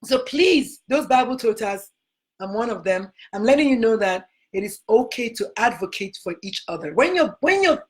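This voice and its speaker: A woman's voice: on the high side, animated, moderate pace. A woman with a Nigerian accent, a physician hosting a motivational talk, who speaks emphatically and repeats her key phrases. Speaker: physician host.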